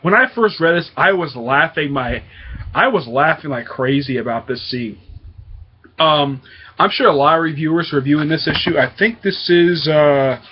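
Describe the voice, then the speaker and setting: A man's voice: a little high, moderate pace, slightly rough, muffled recording. A man hosting his own comic book review show, talking casually and hesitantly with lots of fillers. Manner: rambling, hesitant with many fillers.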